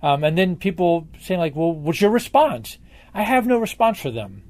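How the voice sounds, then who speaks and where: A man's voice: fairly high pitch, lively intonation, moderate pace, a little mellow. A man being interviewed, telling stories in a rambling, emphatic way and swearing freely. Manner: emphatic, profane, rambling storyteller. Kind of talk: candid conversational interview.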